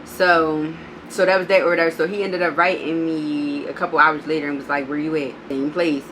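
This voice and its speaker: A woman vlogger telling a storytime, blunt and profane, animated as she reads out text messages. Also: low voice, fairly quick, noisy background. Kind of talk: storytime vlog.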